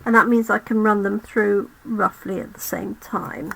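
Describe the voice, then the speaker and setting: Slow, gravelly-voiced woman crafting live. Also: medium pitch, steady tone, fairly bright tone, slight background noise, poor audio. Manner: chatty, talks to viewers while working. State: losing her voice. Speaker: crafting channel host. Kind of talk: live card-making demo.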